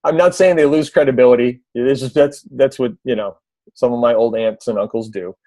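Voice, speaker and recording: A man's voice: mid-range voice, fairly quick, no room sound. A man giving casual video tips on a team call, conversational, with many fillers and restarts. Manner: briefly mimics a loud announcer voice. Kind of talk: casual instructional talk.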